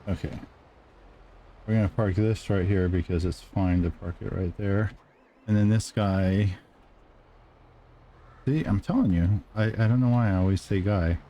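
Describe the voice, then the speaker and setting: Clearing his throat in a dusty room, a man offers casual commentary while streaming a farming game, filling his talk with ums and uhs. His voice is deep and dark-toned, with a measured pace and long pauses, over slight hiss or hum.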